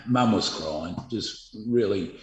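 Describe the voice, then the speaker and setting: A middle-aged Australian man, a former footballer, telling stories in a rambling, halting way full of fillers and restarts. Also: fairly low pitch, roomy sound, poor audio. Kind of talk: casual storytelling interview.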